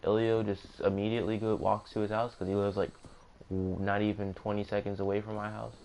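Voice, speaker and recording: A man's voice: on the low side, little pitch movement, brisk, vocal fry, darkish tone, a little hiss or hum. A young man casually narrating a storytime, rambling with self-corrections and joking asides. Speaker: gaming streamer.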